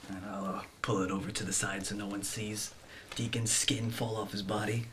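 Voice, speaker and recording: A man's voice: on the low side, flat delivery, normal speed, fairly bright tone, slight background noise. A man playing a tabletop game, speaking casually and in character as a federal agent. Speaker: player.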